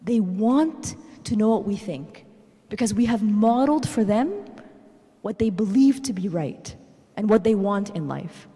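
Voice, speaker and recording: A woman in her thirties giving a parenting talk at a church, telling animated personal stories and tagging her points with "okay?". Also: medium pitch, unhurried, husky. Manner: animated storytelling, tags lines with "okay?". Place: church hall. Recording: reverberant church hall.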